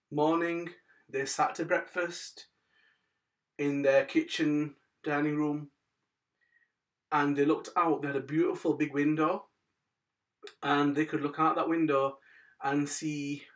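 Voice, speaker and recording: A man shares a moral tale in a relaxed, chatty way, pitched somewhat high for a man. He keeps calling his audience "guys" and lets his phrase ends fade softly. His voice sits a little back from the microphone. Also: recorded from a distance. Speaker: host of a daily moral story channel. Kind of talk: casual storytelling with religious advice.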